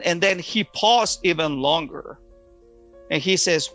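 A man telling a personal story in an earnest, halting way, often repeating words as he goes. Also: a little high, fairly bright tone, faint music behind, rough recording. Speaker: storyteller giving a personal testimony.

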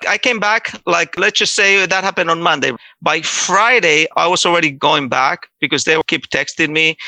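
A man telling his own story in a halting, conversational way, acting out what others said. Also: on the high side, sharp tone, dry recording. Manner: halting, restarts, acts out quoted voices. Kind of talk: personal testimony, casual storytelling.

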